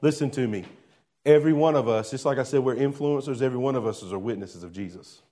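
A male pastor preaching a sermon in a conversational way, asking the congregation rhetorical questions and dropping to a soft, low voice on key phrases. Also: quick pace.

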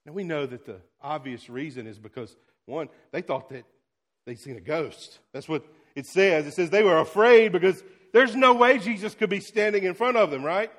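Male preacher, fairly high voice, rises loud then drops to a hush. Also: normal speed. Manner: dynamic preaching, swinging from loud to hushed. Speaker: pastor. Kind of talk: sermon.

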